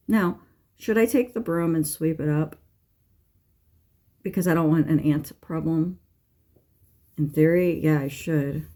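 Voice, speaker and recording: In a low, mellow voice, a middle-aged woman who works as a tarot reader vents in casual conversation. She's blunt and exasperated, swears freely, and rambles with asides, fillers and false starts.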